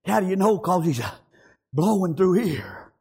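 A man preaches a fervent sermon in a very high, husky voice. His pitch leaps about in a lively sing-song, and he keeps chanting praise and amen between phrases. He breaks into shouts with a rough preacher's cadence. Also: moderate pace.

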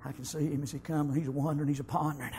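A man preaching a sermon, telling the story in folksy speech, breaking into shouted bursts and scattering amens through his lines. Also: fairly high pitch, little pitch movement, rapid-fire, a little hiss or hum.

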